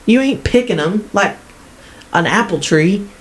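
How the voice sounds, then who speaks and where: A woman's voice: mid-range voice, expressive, a little slow, slightly rough, rough recording. A woman co-hosting a podcast, laughing often and playfully scolding her partner. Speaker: podcast co-host. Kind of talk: casual podcast banter.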